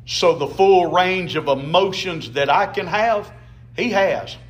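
A man's voice: high-pitched, lively intonation, slow pace, breathy edge. A man preaching a sermon as a pastor, emphatic, with call-and-response to the congregation.

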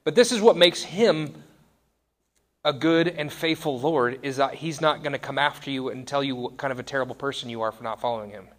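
A man's voice: medium pitch, a little fast, fairly bright tone. A man in his thirties giving a conversational sermon, wry and self-deprecating. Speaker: pastor.

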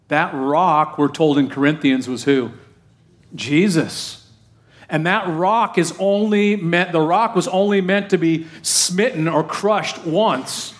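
Middle-aged male pastor, slightly high voice, chatty sermon that keeps asking the congregation questions. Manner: conversational preaching with questions to the congregation.

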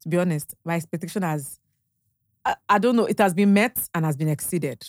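A woman's voice: lowish voice, brisk, dry recording, studio quality. A young Nigerian woman with a Nigerian accent, a podcast guest chatting casually, telling stories animatedly, acting out bits of dialogue and laughing often. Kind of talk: casual storytelling chat.

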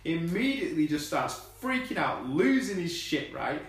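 A man's voice: on the high side, big pitch swings, moderate pace. A man hosts a casual movie chat, swearing, laughing and ranting. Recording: roomy, far from the mic.

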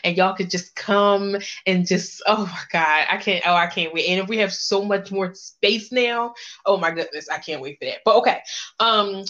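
A woman in her thirties co-hosting a casual podcast chat, playful and quick to laugh. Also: medium pitch, a bit bright. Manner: playful, laughs a lot, swears freely. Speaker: podcast co-host. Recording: dull lo-fi sound.

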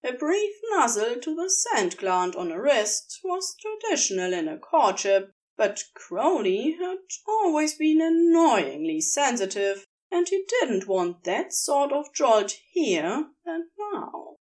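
A woman reading a story aloud, narrating slowly and expressively. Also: high-pitched, sing-song, darkish tone, far from the mic. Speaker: podfic reader.

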